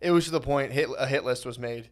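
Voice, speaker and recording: A man co-hosting a podcast, telling profane stories in an excitable, casual chat. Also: medium pitch, fast talker.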